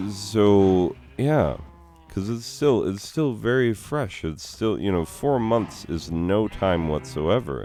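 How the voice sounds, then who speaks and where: A man's voice: deep voice, a little mellow. A man, a teacher, musing reflectively in a casual monologue while struggling with grief. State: emotional, grieving.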